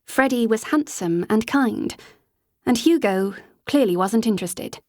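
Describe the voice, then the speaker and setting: A woman reading a novel aloud as an audiobook narrator, in an even storytelling manner on a close mic. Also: on the high side, measured pace, dry recording. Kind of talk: scripted narration.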